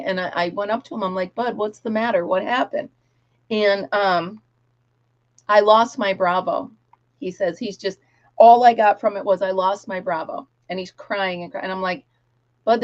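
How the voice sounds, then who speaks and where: A woman hosts a casual live stream and tells long, rambling stories with plenty of animation. Her voice sits at an ordinary middle pitch. The audio is a little dull and lo-fi. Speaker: host. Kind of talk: casual chat, storytelling to viewers.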